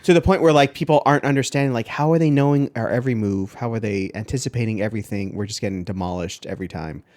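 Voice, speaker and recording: A man's voice: on the low side, fast, darkish tone, no room sound. A man co-hosting a casual movie podcast, rambling with frequent ums and restarts. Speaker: podcast co-host.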